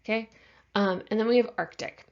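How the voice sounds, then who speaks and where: A woman teacher giving a recorded science lecture in a casual, unhurried way, with many fillers, and sounding tired. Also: on the high side, fairly even intonation, lo-fi sound. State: yawning, tired.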